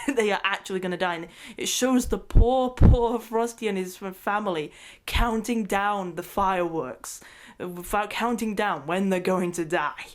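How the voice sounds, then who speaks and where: A woman recapping a movie in a rambling, excitable rant, often breaking into laughter mid-sentence. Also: mid-range voice. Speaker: movie reviewer.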